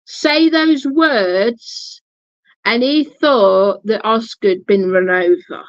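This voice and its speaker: Woman, casual storytelling vlog, blunt, swearing, restarts, slow pace, dull lo-fi sound. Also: a little high, dry recording. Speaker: vlogger.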